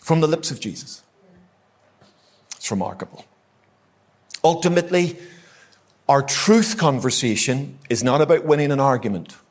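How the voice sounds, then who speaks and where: Brief: Northern Irish male guest preacher, mid-pitched voice, punchy repetition, live sermon. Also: animated, normal speed, long pauses. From Northern Ireland. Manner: emphatic, repetitive, rhetorical questions to the congregation. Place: church hall, live congregation.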